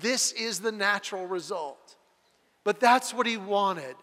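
A male pastor delivers a sermon with a high, bright voice that carries long reverb from a large hall. He tells lively stories and acts out the voices in them, swinging from loud bursts to hushed, earnest passages. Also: measured pace. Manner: animated storytelling, acting out voices with big swings in loudness.

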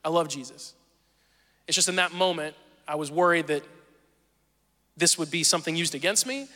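A man in his thirties with a Southern accent, preaching a sermon and telling animated, self-deprecating stories from his own life. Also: on the high side, moderate pace, big-room sound. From Southern Missouri. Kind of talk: sermon with personal storytelling.

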